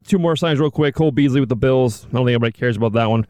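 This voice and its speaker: A man runs through football news on a casual podcast, joking crudely with his co-host. His voice is smooth and resonant, recorded dry and close. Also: medium pitch, very fast, darkish tone, dry recording. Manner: joking, crude banter while reading news. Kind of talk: casual sports podcast chat.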